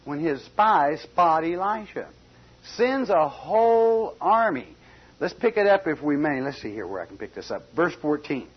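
A man preaching a folksy expository sermon, swinging between loud emphasis and quiet asides. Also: on the high side, animated, normal speed, few pauses, husky. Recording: dull lo-fi recording.

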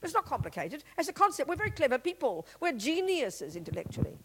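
A woman's voice: high voice, quick pace, background noise. A woman giving a Buddhist teaching talk, blunt and emphatic, full of rhetorical questions. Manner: blunt and lively explaining.

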